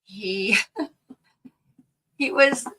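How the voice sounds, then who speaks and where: Slow-spoken, bright-voiced older woman. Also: mid-range voice, poor audio. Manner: rambling, chatty, quick to laugh. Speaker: craft vlogger. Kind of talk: casual storytelling while crafting.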